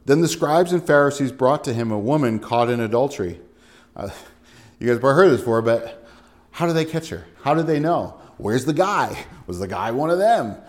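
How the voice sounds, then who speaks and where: A man's voice: mid-range voice, brisk. Conversational male Bible teacher. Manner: reads scripture aloud with lively, animated quoting of voices; conversational asides like "right?" and "you know". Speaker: pastor.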